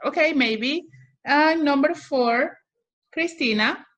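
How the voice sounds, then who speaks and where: A woman's voice: high-pitched, takes it slowly, a bit bright, highs cut off. A woman English teacher running an online class over a video call, patiently calling on students by name.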